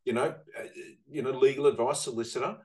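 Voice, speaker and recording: A man's voice: medium pitch, fairly even intonation, fast talker, low-quality recording. A man hosting a casual interview, rambling along with plenty of fillers. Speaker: host, property investment advisor.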